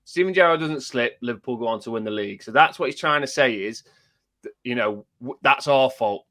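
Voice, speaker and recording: A man on a football podcast, calm and measured, explaining a point step by step. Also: medium pitch. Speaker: podcast co-host. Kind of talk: casual football chat.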